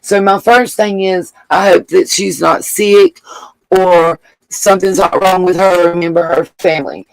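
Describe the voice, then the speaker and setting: A woman's voice: fairly low pitch, normal speed, gravelly, no echo, rough recording. A woman hosting a casual livestream, reading viewer comments aloud and thanking them with gushing endearments. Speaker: livestream host.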